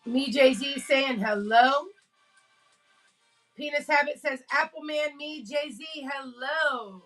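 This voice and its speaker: A woman's voice: high voice, slow pace, fairly bright tone, soft background music, low-quality recording. A woman hosting a casual live stream from home, telling stories with lots of laughs and greeting her chat. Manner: chatty storyteller, laughs often, greets chat. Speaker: livestream host.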